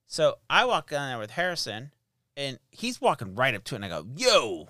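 Man, quick lively storyteller, dry close sound, swears. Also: medium pitch, no room sound. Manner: animated storyteller, acts out quotes, swears. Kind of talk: casual storytelling chat.

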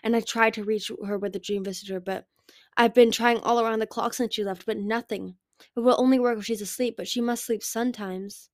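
A woman's voice: a little high, steady tone, fairly quick, dry recording, natural voice. A brooding young male dragon speaks from a storybook in an earnest, pleading way. He sounds intense but troubled, as a woman reading aloud voices him. The recording is dry and close.

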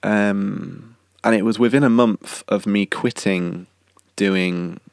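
A man's voice: fairly low pitch, fairly even intonation, slow, gravelly, clear, resonant tone, no room sound, studio quality. A young man with a slight cough, hosting a podcast in a rambling, chatty way. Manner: rambling, self-correcting, chatty. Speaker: podcast host and singer-songwriter. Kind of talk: casual chatty monologue.

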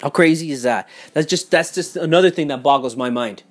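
A young man in a heated, profane, casual rant. He repeats himself and swings between loud outbursts and muttering. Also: a little high, a little fast, soft background music. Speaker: vlogger. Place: home in Miami.

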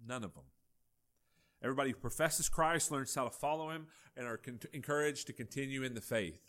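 A male pastor, preaching a folksy, animated sermon with acted-out dialogue. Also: medium pitch, brisk.

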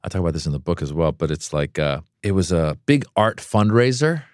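A man, a comedian, telling a long story in a casual interview. He talks in an animated way and acts out other people's voices with big jumps in pitch. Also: brisk, dry recording, clean studio sound. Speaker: comedian guest.

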